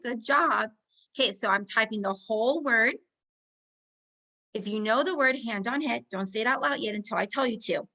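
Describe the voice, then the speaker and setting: A woman teacher, slowly leading young children through a phonics lesson, sounding out words and giving warm encouragement. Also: on the high side.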